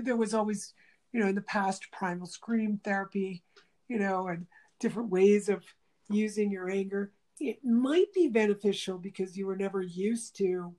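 A woman talking casually in an interview, acting out quoted speech as she tells stories and restarting phrases as she thinks aloud. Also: medium pitch. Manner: animated storyteller who acts out quoted speech.

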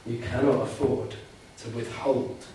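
A man's voice: mid-range voice, fairly even intonation, unhurried, dark tone, slight background noise. A man preaching a sermon, earnest and emphatic, driving home key phrases by repeating them. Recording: very echoey room, mic at a distance.

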